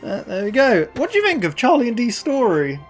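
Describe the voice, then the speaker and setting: A woman's voice: a little high, very animated, brisk, faint music behind. A woman co-hosting a casual reaction chat, retelling scenes with quoted lines and laughing often. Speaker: reaction channel co-host.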